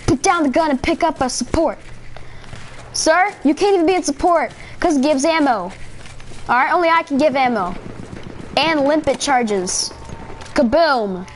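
A bossy, self-important police officer barks orders in a high, strained voice, as a man puts him on while commenting on gameplay. He scolds in a pompous rapid-fire rush, and a faint hiss sits under the voice. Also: lively intonation. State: straining his throat.

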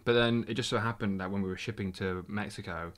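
A young man recounts his travel adventures in a relaxed podcast chat. He talks quickly in a fairly low voice and tells stories with an animated delivery. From Britain. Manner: animated anecdote-telling. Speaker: podcast guest, round-the-world scooter traveller. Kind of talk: casual interview storytelling.

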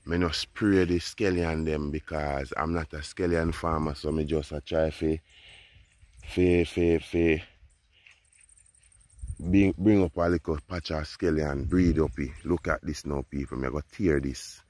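A man's voice: very deep voice, fairly even intonation, measured pace, a little mellow, dry recording. A man with a Jamaican accent, a farmer talking casually while he walks through his farm, often saying "you know, people.". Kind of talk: casual walk-and-talk farm vlog. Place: outdoors on a farm.

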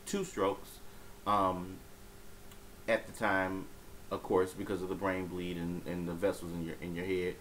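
Low-voiced man telling a rambling story. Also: a bit bright, a little hiss or hum, rough recording. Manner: rambling, profane, many fillers and restarts. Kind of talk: casual storytelling vlog.

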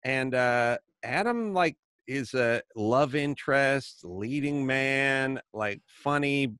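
A man hosting a podcast, blunt and opinionated with an offhand, conversational delivery. His voice is mid-pitched and ordinary. It is recorded dry and close on a studio mic. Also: lively intonation, slow, a bit bright, clean tone, dry recording. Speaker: podcast host. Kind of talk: casual chat.

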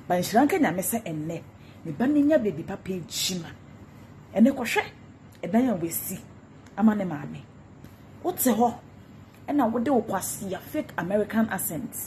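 A woman's voice: mid-range voice, dark tone, a little hiss or hum. A Ghanaian woman ranting in a gossip vlog, repeating insults and taunts in a mocking tone. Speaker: social media commentator.

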